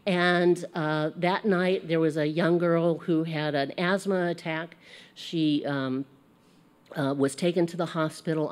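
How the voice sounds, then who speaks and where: An American woman teaching a casual Bible lesson, chatty and animated, laughing at herself as she goes. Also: lowish voice.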